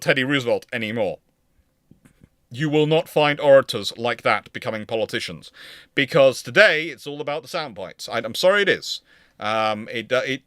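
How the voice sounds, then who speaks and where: A man's voice: mid-range voice, fairly bright tone, no room sound, studio quality. A man presenting naval history in a casual lecture, rambling and correcting himself as he goes. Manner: rambling, self-correcting, chuckling.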